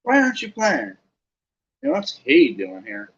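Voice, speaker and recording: A man's voice: on the high side, huge pitch swings, measured pace, a bit bright, far from the mic, highs cut off, full character voice. A man doing a hot-headed schoolboy. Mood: puzzled.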